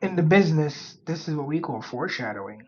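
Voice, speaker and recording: A woman's voice: deep voice, expressive, a little fast, warm tone. A woman streamer who comments on a video with wry, chatty asides. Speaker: streamer reacting. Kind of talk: casual reaction commentary. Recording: dull lo-fi audio.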